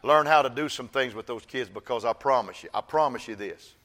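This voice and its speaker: Older preacher man, sermon, gets loud then goes real quiet and slow, bright forceful tone, church crowd faintly behind. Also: medium pitch, a little hiss or hum. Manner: swings from loud preaching to soft, slow storytelling. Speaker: pastor.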